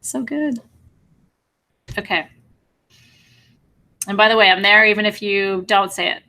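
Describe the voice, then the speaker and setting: A woman hosts a spiritual live stream in a mid-pitched voice, speaking tenderly and reassuringly to her viewers. She calls them out by name and talks with open, heartfelt emotion. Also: a little slow, bright, forceful tone. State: teary at moments. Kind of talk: live-stream chat reading viewer comments.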